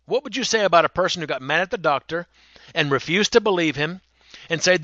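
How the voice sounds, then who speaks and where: A male preacher delivering a sermon in a high, bright voice. He speaks emphatically, stumbles into repeated words, and acts out quoted speakers. The sound is dry and a bit muffled. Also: quick pace, dry recording.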